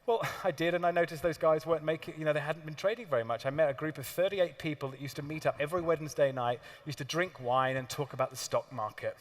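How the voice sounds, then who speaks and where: A man giving a live seminar talk to an audience, telling stories in an animated way with laughs and the odd swear word. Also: a little high, fast, hardly any pauses. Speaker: seminar speaker. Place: large hall with audience. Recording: long hall reverb.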